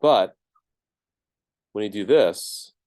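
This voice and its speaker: A man's voice: on the low side, expressive, drawn-out words, a little mellow, dry recording. A man teaching a math class, explaining each step casually with lots of ums and checks of "right?". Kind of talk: classroom lecture.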